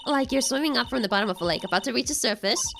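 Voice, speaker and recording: A woman voicing a cheerful young female sidekick in a bright, chatty way, reading game dialogue. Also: on the high side, lively intonation, very fast, creaky, music in the background.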